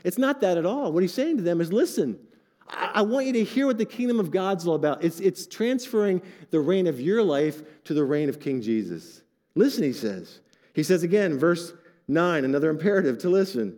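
An older man preaching a sermon to his congregation, animated and joking with asides. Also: high voice, a little fast, in a large hall. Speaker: pastor.

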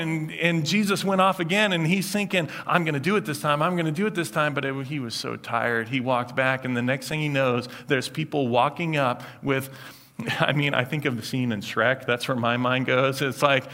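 A man preaching a sermon, retelling a scene in an animated storytelling manner. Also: a little high, normal speed. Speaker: pastor.

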